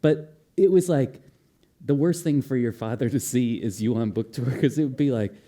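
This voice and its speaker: A man's voice: mid-range voice, moderate pace, mellow. A man on an author panel telling a self-deprecating story about a book tour, with wry humor. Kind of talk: anecdote telling at a live event.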